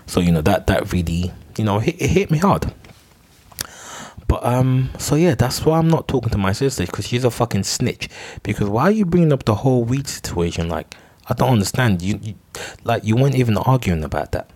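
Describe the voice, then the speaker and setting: A man's voice: medium pitch, animated, fairly quick, a little mellow, husky, no echo. A young man telling a long, rambling story alone on his podcast. He stumbles over and repeats words and swears freely. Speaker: podcast host.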